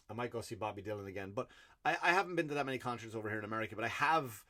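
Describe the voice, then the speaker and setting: A man's voice: on the low side, racing, sharp tone. A man with an Irish accent, a comedian hosting his own podcast, delivering a blunt, profanity-filled solo rant. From Ireland.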